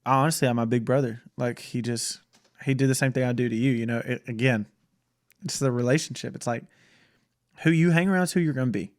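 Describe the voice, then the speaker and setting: A man in his twenties, a podcast guest, chatting casually and telling animated stories with frequent laughs. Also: mid-range voice, fast. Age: 20s. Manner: animated storytelling, laughs often. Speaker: podcast guest, church creative director. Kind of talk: casual chat.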